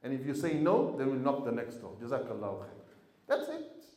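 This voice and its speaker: Animated preaching man, echoey hall. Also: medium pitch, brisk. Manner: storytelling, swings from quiet to loud emphasis. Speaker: imam. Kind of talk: sermon to a congregation.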